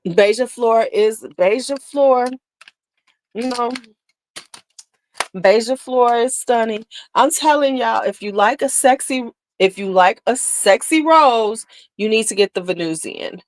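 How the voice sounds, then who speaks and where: A woman's voice: a little high, a little slow, no room sound. A woman hosting a casual beauty livestream, chatting candidly and sassily with viewers, laughing often. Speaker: beauty channel host.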